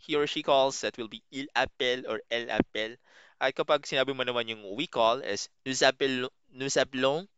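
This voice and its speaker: A man's voice: mid-range voice, brisk, a bit bright, clear, resonant tone, no room sound, lo-fi sound. A man with a Filipino accent, explaining a language lesson casually, often repeating words and restarting phrases. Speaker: language teacher.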